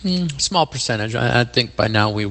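A man's voice: medium pitch, expressive, moderate pace, fairly bright tone, long reverb tail, slight background noise, poor audio. A man guesting on a radio show as a skeptic, explaining things in a dry, matter-of-fact way. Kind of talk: casual studio chat. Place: radio studio.

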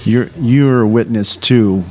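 Male interviewer who asks halting questions and nudges his guests along. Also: medium pitch, a little mellow. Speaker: host. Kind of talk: podcast interview.

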